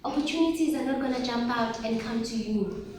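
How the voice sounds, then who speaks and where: A woman giving an animated motivational workshop talk to teenage girls, asking them questions and calling for their replies. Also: a little high, a little fast. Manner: animated, asks the audience questions and calls for replies. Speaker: workshop speaker for teen girls. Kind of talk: motivational talk to a live group. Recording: very echoey room, voice from far off, faint noise.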